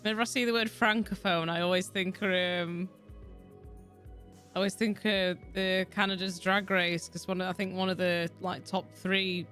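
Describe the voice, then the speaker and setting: A young woman with a Yorkshire accent rambles cheerfully through a gaming livestream, swearing freely. Her voice sits at a middling pitch. Quiet music plays softly in the background. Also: little pitch movement, moderate pace. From Yorkshire, England. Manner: chatty, rambling, swears freely, frequent laughter. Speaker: game streamer. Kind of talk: casual livestream chat while gaming. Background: soft background music.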